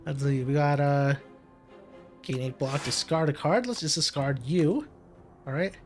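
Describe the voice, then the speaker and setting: With faint music behind him, a gaming commentator with a fairly high voice talks a little slowly. He casually narrates his own card game as he plays, talking his way through each move, muttering, and laughing at the setbacks.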